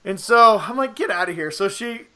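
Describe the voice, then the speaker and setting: On a podcast he co-hosts, a man in his thirties tells stories loosely and animatedly at normal speed, swearing freely and acting out the lines he quotes. His voice is high, bright and forceful.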